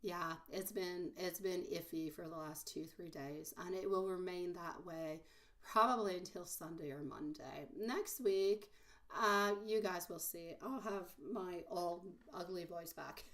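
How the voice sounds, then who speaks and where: A woman with a husky voice, hoarse from a mild cold, giving a live-stream tarot reading and calling her viewers sweetie and my love. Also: lowish voice, a little slow, fairly bright tone. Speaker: tarot reader.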